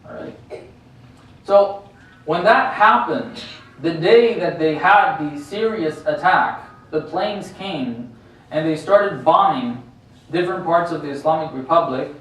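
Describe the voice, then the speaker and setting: A man preaching in a strongly echoing prayer hall, his voice fairly high for a man and a little distant from the microphone, with faint noise underneath. He talks to the congregation in a conversational way and keeps checking in with them through rhetorical questions. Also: animated, unhurried, a bit bright. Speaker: sheikh giving a religious lecture. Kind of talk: sermon.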